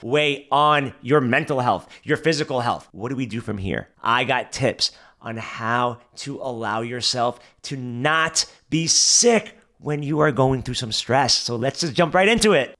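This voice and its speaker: A man's voice: mid-range voice, bright, forceful tone. A man hosting a motivational podcast, talking straight to the listener and repeating phrases for emphasis. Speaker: podcast host.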